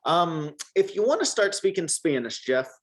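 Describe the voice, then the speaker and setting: A man's voice: a little high, big pitch swings, normal speed. A man teaching a one-on-one Spanish lesson, patient and encouraging, modeling words for the student to repeat.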